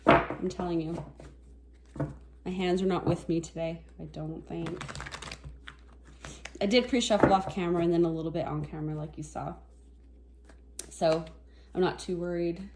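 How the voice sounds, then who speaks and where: A woman giving a casual tarot reading to camera, soft-spoken and reflective, a little teary and sniffling. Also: lowish voice, noisy background. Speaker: tarot reader.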